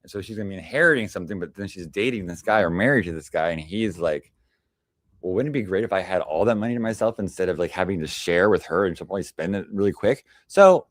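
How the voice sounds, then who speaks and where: A man's voice: low-pitched, expressive, quick pace, no echo. A man hosting a livestream presentation, rambling and sarcastic, full of restarts and asides. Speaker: livestream panel host. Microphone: desk microphone on a stream.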